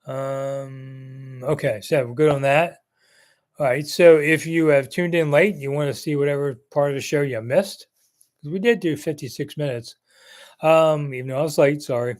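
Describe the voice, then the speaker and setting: A man's voice: on the high side, fairly even intonation, moderate pace, a little mellow. A man in his sixties hosting a sports live chat, answering viewers in a rambling, chatty way with jokey asides. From Maryland area. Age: 60s. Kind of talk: casual live-stream chat.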